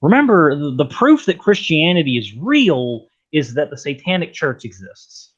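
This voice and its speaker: A man's voice: on the high side, sing-song, moderate pace, fairly bright tone, husky, highs cut off, pitched above the performer's own voice, heavily acted. A man putting on the voice of a smug male creationist preacher, with a mock-preachy delivery.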